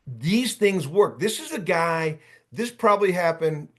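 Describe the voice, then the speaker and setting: A man in his late fifties leads an online job-search workshop over a video call. He is chatty and fired up, calling on attendees by name. His voice sits a little higher than most men's. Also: expressive, unhurried. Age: 50s. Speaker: workshop coach. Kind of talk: energetic online workshop talk.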